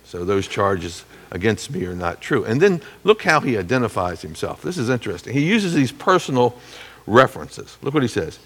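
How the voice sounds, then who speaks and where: A middle-aged man teaching from the Bible as a pastor, animated, acting out quotes and clearing his throat now and then. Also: on the low side, moderate pace, in a large hall.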